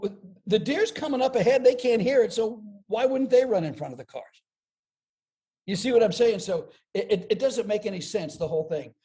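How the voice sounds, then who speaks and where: Animated comedian with a high voice. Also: male voice. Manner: animated storyteller, repeats words as he builds jokes. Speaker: comedian guest. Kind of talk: podcast interview.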